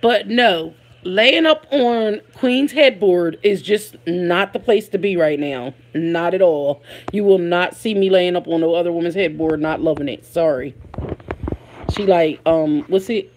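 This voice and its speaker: A woman's voice: lowish voice, darkish tone, a little hiss or hum. A woman hosting a casual live stream, chatting with her viewers and reading their comments aloud, laughing often. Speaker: livestream host.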